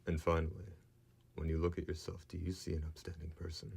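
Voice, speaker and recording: A man's voice: low-pitched, monotone, a little fast, gravelly, darkish tone, slightly rough, exaggerated voice. A man voicing a blunt frontier warrior who speaks in a cold, accusing way.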